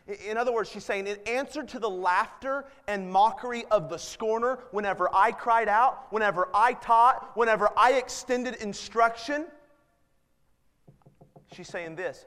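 High-voiced preacher in a reverberant hall. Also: male voice, moderate pace, fairly bright tone, clean tone. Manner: earnest, rising to emphatic appeals. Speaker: pastor. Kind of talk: sermon.

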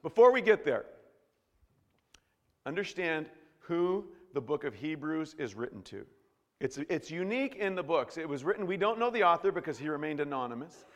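A man's voice: a little high, big pitch swings, normal speed. A man preaching a sermon as a pastor in a church, in a jokey, conversational way with frequent restarts. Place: church sanctuary. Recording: long reverb in a church hall.

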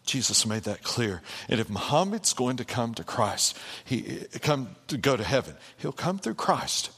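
A pastor preaching a sermon in an animated way, with repeated phrases and calls of "amen" to the congregation. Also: male voice, medium pitch, measured pace, breathy edge. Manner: animated, repetitive rhetorical preaching with call-and-response. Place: church sanctuary. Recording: long hall reverb in a church.

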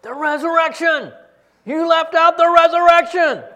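A furious professor bellows at a student, his voice shooting up high and harsh. A man acts him out in a sermon story. He barks every word as a rebuke. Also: a little slow, long reverb tail, muffled recording, full character voice. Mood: yelling. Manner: yelling. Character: angry male professor yelling at a student.

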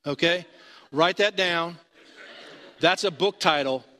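A man's voice: on the high side, takes it slowly, bright, forceful tone. A male pastor preaching a sermon in a conversational storytelling manner, building to emphatic points.

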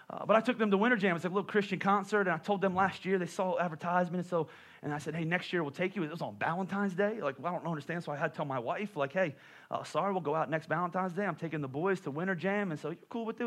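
A middle-aged male pastor preaching a sermon, telling stories with lively asides to the congregation. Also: high-pitched. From Pennsylvania. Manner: animated storytelling with asides to the congregation.

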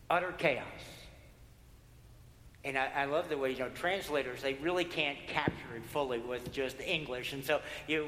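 A male pastor preaching a sermon, building through repeated phrases and dropping to hushed prayer. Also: mid-range voice, slight background noise. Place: church sanctuary. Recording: echoey hall with long reverb.

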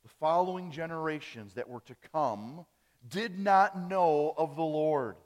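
A man from Wisconsin preaching a sermon as pastor, rising on key phrases and dropping soft at the ends of lines. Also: on the high side, unhurried. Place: church sanctuary. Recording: reverberant church hall.

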